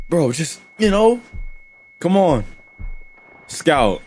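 A man reacting live to a gaming video, excitable and slangy, often yelling advice at the characters on screen. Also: on the high side, slow, long pauses.

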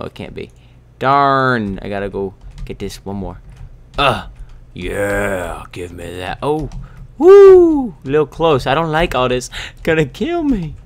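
With a fairly low pitch and noticeable vocal fry, a young YouTuber gives rambling, goofy game commentary into a close desk mic. He erupts into shouting at times and at others sinks to whispers.

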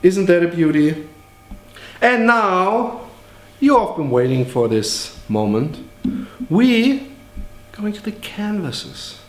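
Hammy high-voiced man hawking his art. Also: echoey room, a little hiss or hum. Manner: exaggerated, hammy, profane. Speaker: artist selling his own paintings. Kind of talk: joking sales pitch.

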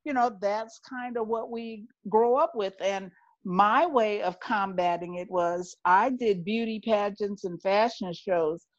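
A woman's voice: mid-range voice, unhurried, no echo, highs cut off. A woman in her sixties, speaking on a discussion panel and telling a personal story candidly and with feeling. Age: 60s.

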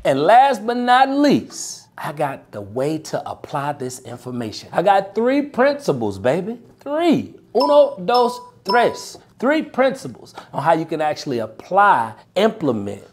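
Animated high-voiced sales coach. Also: male voice, a little slow, few pauses, a little hiss or hum. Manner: animated, punchy, preacher-like emphasis with frequent "right?". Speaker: sales coach and podcast host. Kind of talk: motivational sales coaching talk.

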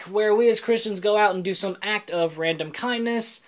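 A man's voice: high-pitched, fairly even intonation, normal speed, fairly bright tone. Joking, chatty man vlogging about faith. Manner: joking, chatty, self-deprecating asides; explains scripture in plain words. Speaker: Christian vlogger. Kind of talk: casual faith vlog talk.

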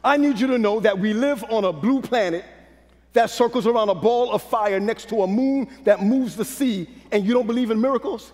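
A man from Brooklyn, a pastor preaching a sermon in call-and-response style, dropping to a hush and rising to shouts. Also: high-pitched, normal speed. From Brooklyn, New York. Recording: long hall reverb.

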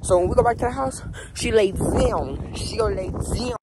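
A young man vlogging on his phone while walking his dog in a park, chatting excitedly to viewers in slangy casual talk. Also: sits high, fairly quick, few pauses. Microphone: phone held in hand. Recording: outdoor phone audio with background noise.

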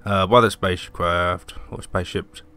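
A young man commenting on a video game he is playing, swearing and yelping excitedly during fights. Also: sits low, moderate pace. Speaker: gaming video host. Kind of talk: let's play commentary. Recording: voice over game audio with music.

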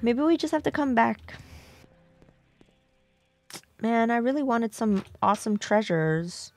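A woman talks her way through a video game on a live stream, thanking viewers and puzzling aloud over what to do next. Her speech is slow and easygoing, and game music runs faintly underneath. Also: fairly high pitch, expressive, a little mellow. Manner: chatty, talks to herself and chat while playing.

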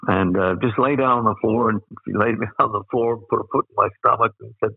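In a fast, creaky, husky delivery with fairly even intonation and fairly low pitch, an older Australian man rambles through anecdotes as an interview guest. He fills his talk with "uh"s and laughs; the sound is narrow and tinny, with no room sound.

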